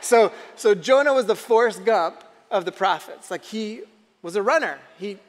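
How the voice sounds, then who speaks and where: A man's voice: sits high, lively intonation, normal speed, long reverb tail. A man preaching a sermon in a conversational way, often asking the audience questions. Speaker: pastor.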